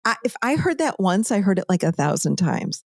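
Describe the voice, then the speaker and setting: A woman's voice: mid-range voice, very animated, fairly quick, gravelly, no room sound, studio quality. A woman coach talking emphatically in a casual interview, repeating her points for stress.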